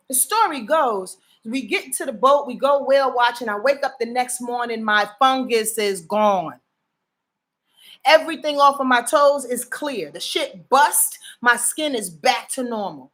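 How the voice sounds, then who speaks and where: A woman's voice: a little high, lively intonation, moderate pace, fairly bright tone. A woman astrologer talking casually on a live stream, emphatic and preachy, swearing freely and often checking that her listeners follow her. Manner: emphatic, profane and preachy, often asks the audience to confirm.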